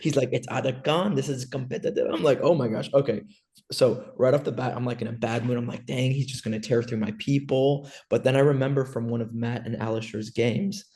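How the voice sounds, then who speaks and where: A man hosting a relaxed podcast with friends, telling his stories in a lively way. He acts out both sides of each exchange as he goes, and his voice sits at an ordinary middle pitch. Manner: animated storyteller, acts out both sides of the talk. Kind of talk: casual podcast chat.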